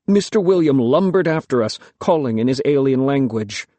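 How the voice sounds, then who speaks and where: Reading an audiobook in the first person, a man sounds mellow, lyrical and measured, with lively intonation and a middling pitch. The audio is close and dry, free of any room echo.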